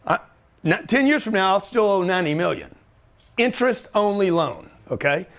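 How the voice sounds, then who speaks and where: Brief: middle-aged host, high-pitched, brash, joking, slangy. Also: male voice, expressive, normal speed. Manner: loud, joking, pushy, slangy. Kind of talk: energetic office talk to camera.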